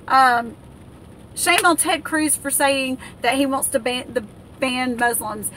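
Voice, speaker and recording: An indignant American woman vents in a heated political rant, her high, bright voice tripping over fillers and false starts. She sounds livid throughout. Faint background noise sits under the recording. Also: slow pace. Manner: angry, indignant, with many fillers and restarts. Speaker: political vlogger.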